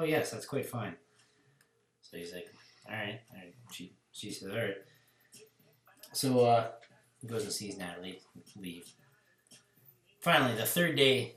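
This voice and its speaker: A man's voice: fairly low pitch, a bit bright, roomy sound. A man co-hosting a podcast in casual chat, telling crude jokes and stories with loose laughs. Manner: laughing, swearing, loose storytelling.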